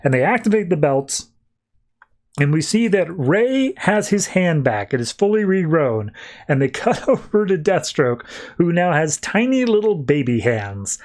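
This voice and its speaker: A man's voice: fairly high pitch, very animated, a little slow, a little mellow. A man co-hosting a podcast, recapping a comic book in a loose, offhand way with wry asides and frequent restarts. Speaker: podcast co-host.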